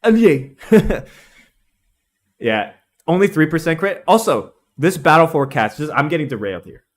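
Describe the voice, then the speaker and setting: A young man streaming a casual, excitable game analysis, rambling and laughing at his own slips. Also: on the high side, fairly quick.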